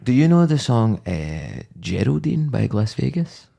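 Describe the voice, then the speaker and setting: A man's voice: mid-range voice, very animated, measured pace, gravelly, mellow, slightly rough. A man in his thirties co-hosting a podcast, telling rambling, joking stories in casual chat and sometimes breaking into sung bits. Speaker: podcast co-host.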